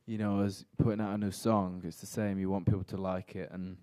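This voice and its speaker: A young man answering questions at a press conference, thoughtful and measured, his sentences trailing off softly. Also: low-pitched, level tone, clear, resonant tone.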